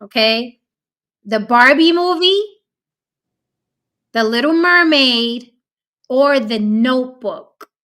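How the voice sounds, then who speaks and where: Bright-voiced brash woman host. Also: high-pitched, expressive, slow pace, pauses often. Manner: brash, profane, bossy. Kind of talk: casual group chat.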